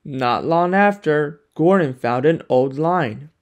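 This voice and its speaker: A narrator telling a fan-made animated engine story in a plain, even storybook manner. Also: mid-range voice, slow pace, hardly any pauses.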